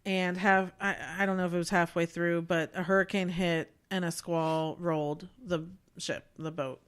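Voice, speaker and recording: A woman talks through a movie she saw in a relaxed podcast chat, rambling along with plenty of fillers. Her voice sits a little low and sounds smooth and resonant. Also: normal speed. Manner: chatty, rambling with many fillers. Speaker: podcast co-host. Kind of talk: casual chat, movie review.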